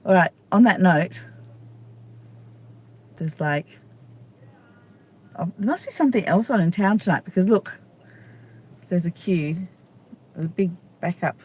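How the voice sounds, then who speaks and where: A woman's voice: lowish voice, expressive, measured pace, long pauses, darkish tone, slightly rough. A middle-aged woman, a stand-up comedian, chatting casually and playfully to viewers on a live stream from a city street, talking into a phone held at arm's length. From Australia.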